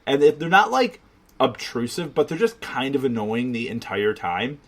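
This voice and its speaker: A man's voice: mid-range voice, animated, normal speed. A man co-hosting a podcast in casual chat, rambling and leaning heavily on filler words. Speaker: podcast co-host.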